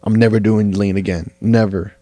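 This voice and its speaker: A man's voice: lowish voice, level tone, normal speed, dark tone, no echo. Slangy young man telling a story. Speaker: podcast co-host. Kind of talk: casual chat.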